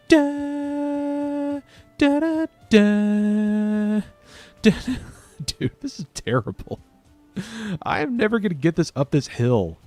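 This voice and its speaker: A man hosting his own gaming channel, giving excitable, jokey live commentary and talking back to the game. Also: mid-range voice, dry recording.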